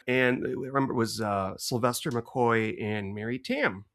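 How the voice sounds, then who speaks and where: A middle-aged man co-hosting a podcast, telling stories in an animated way and laughing often. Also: medium pitch, normal speed, few pauses. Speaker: podcast co-host. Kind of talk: casual podcast chat.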